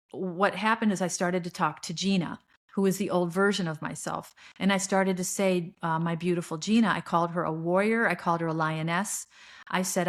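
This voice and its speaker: A middle-aged woman hosting a podcast, speaking a solo spiritual monologue in an earnest, searching way, often restarting her sentences. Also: lowish voice. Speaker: podcast host.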